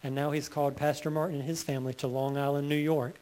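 Man, pastor, sermon, fairly high pitch, emphatic build-ups. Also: little pitch movement, darkish tone. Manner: preaching with rising emphasis, reading scripture slowly.

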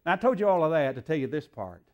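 A man's voice: fairly high pitch, very animated, quick pace, dull audio. A man, a preacher telling a story in a sermon in a folksy way, acting out the dialogue, with frequent fillers.

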